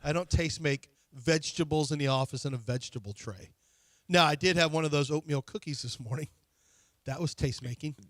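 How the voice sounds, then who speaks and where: A man's voice: a little high, no room sound. A man co-hosting a sports talk radio show, bragging and teasing in casual banter from the studio. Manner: boastful, teasing, quick retorts.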